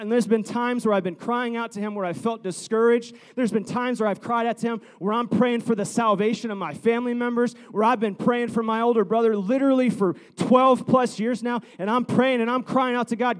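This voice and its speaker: A man's voice: high-pitched, normal speed. A man in his thirties preaching a sermon, earnest and repetitive, building to fervent pleas. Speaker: pastor.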